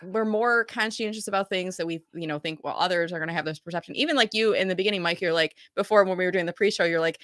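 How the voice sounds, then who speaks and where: A woman hosting a casual live video chat from her family room at home, chatty and quick with lots of fillers and restarts. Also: on the low side, fairly bright tone, dry recording, studio quality. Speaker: host of a live chat show.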